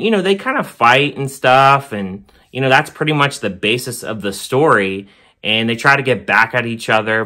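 A man's voice: fairly low pitch, pushed and bright. A man hosting his own channel, giving a casual spoken movie review in a conversational, plain-spoken way, leaning often on words like "really" and "basically".

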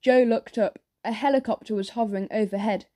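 A woman narrates a children's audiobook in a lively storytelling manner. Her voice is mellow and warm, and sits a little high. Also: fairly quick.

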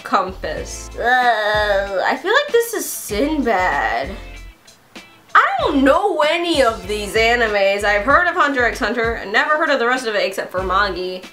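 A young woman with a high, bright-pitched voice chatters through a quiz on her vlog, swearing freely and flipping between mock outrage and giggles. Faint music plays softly behind her. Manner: excitable and profane, swearing constantly. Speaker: YouTuber taking an online quiz. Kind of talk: casual vlog commentary.

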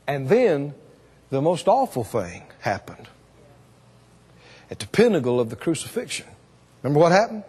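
Preacher with a hall reverb. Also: male voice, on the high side, sing-song, moderate pace, long pauses, husky. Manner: dramatic, swings from hushed to loud. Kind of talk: sermon.

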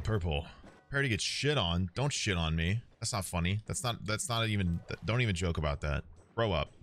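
A man streaming a game, chatting casually to his viewers, excitable and swearing often. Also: deep voice, slight background noise. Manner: excitable, swears a lot, talks to chat.

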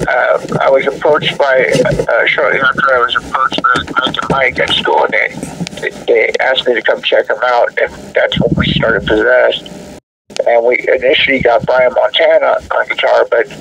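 A man's voice: mid-range voice, steady tone, moderate pace, vocal fry, pushed and bright, far from the mic, slight background noise, poor audio. A man in a casual interview, talking about his band in a rambling way, full of fillers and restarts. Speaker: guest musician, death metal vocalist.

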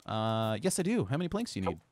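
A man casually bantering while playing a co-op game, joking and laughing often, swinging from mumbles to loud outbursts. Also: on the low side, sing-song, fast. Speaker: co-op game streamer.

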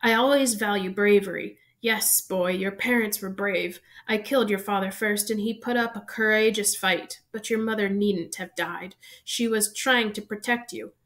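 Voldemort, as a woman reader puts him on, slow and hissing. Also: medium pitch, fairly even intonation, natural voice. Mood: taunting. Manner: slow, soft, hissing delivery. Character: evil male dark wizard, cold and menacing.

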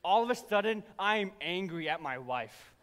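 High, bright-voiced young pastor preaching. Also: male voice, normal speed. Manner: humorous storytelling, animated and self-deprecating. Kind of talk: sermon. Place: church sanctuary. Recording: reverberant church hall.

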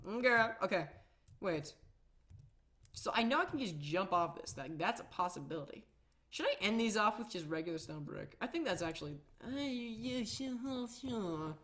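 A woman's voice: fairly low pitch, expressive, moderate pace, fairly bright tone. A woman hosting a casual gameplay video, chatting in a rambling, self-mocking way. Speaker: Minecraft let's-play host.

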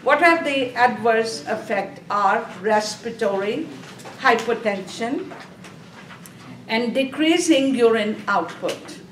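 Slow yet animated, a woman with a voice on the high side teaches nursing students, answering her own questions and repeating key terms. The lecture is captured from a distance in an echoey room, with slight background noise.

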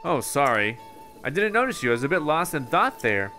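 A man's voice: a little high, big pitch swings, brisk, pushed and bright, faint music behind. A man voicing an obsessive male scholar who lectures dramatically and emphatically. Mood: lecturing. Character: obsessive scholar of a mysterious phenomenon, indignant.

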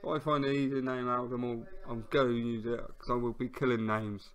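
A man giving casual commentary on his own football management game, excitable, shouting at near misses and goals, and wry about the player names he stumbles over. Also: mid-range voice, fairly quick. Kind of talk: casual let's-play commentary.

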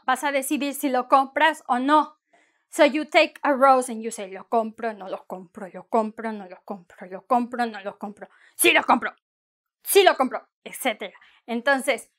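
A woman teaching a bilingual lesson, energetic and playful, acting out what a shopper and a seller would say. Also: high voice. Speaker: Spanish teacher.

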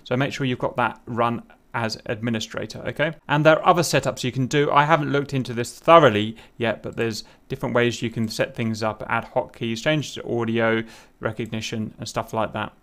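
A man casually explaining a software setup step by step in a screen-recorded tutorial, with fillers and asides. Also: mid-range voice, steady tone, fairly quick. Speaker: tutorial host.

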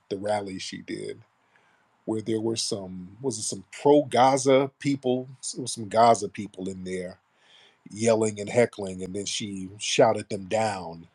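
A man's voice: lowish voice, darkish tone, husky. A man hosting a casual live stream, talking bluntly and sarcastically about the news. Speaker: host.

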